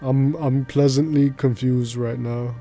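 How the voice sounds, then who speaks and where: Flat, mellow-voiced male streamer chatting. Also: mid-range voice, unhurried, soft background music. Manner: rambling, slangy, laughs easily. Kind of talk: casual chat while gaming.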